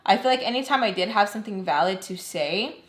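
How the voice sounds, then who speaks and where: A woman's voice: mid-range voice, lively intonation, a little fast. A young woman telling a personal storytime in a casual vlog, candid and blunt, with plenty of swearing. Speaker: storytelling vlogger. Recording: roomy echo.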